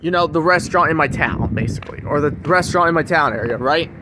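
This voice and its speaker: A man's voice: fairly high pitch, fast talker. A young man ranting to his camera as he walks through town streets, repeating himself and often asking "okay?". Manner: repetitive, keeps asking "okay?" and "you wanna know why?". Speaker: vlogger. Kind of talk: ranting walking vlog. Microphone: handheld camera. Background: faint street and traffic ambience.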